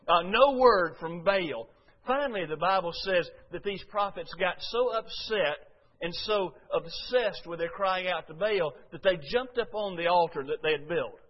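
A man delivering a sermon in a church, chatting to his congregation in a folksy way. His voice sits a little high for a man. The recording is dull and lo-fi. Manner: folksy, conversational preaching with frequent "uh" and rhetorical questions. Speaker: preacher.

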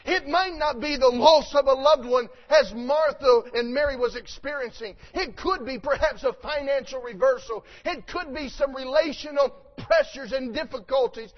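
A man with a high voice preaches a sermon, reading old scripture softly and then building to loud, emphatic appeals. The recording sounds dull and muffled, like an old lo-fi tape. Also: normal speed, hardly any pauses.

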